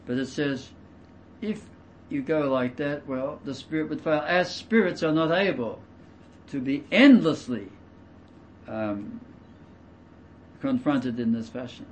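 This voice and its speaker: A man preaching a verse-by-verse sermon. He stresses key words loudly, drops into quiet asides, and explains with everyday examples. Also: mid-range voice, lively intonation, takes it slowly, long pauses, a little hiss or hum. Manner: emphatic, swings between loud stresses and quiet asides. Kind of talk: expository sermon.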